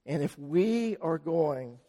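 A man preaching a sermon, telling a story dramatically and swinging from loud, fast passages to hushed, slow ones. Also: on the high side, lively intonation, long reverb tail.

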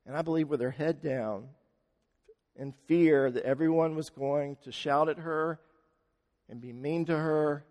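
A man preaching a sermon, telling a story dramatically and swinging from loud, fast passages to hushed, slow ones. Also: mid-range voice, big-room sound.

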